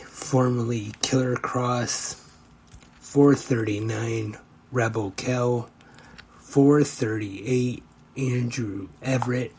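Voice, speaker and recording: A man's voice: medium pitch, dark tone, slight background noise, rough recording. A man hosting a podcast, reading out a ranked list with brief asides, and he is losing his voice a little. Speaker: podcast host.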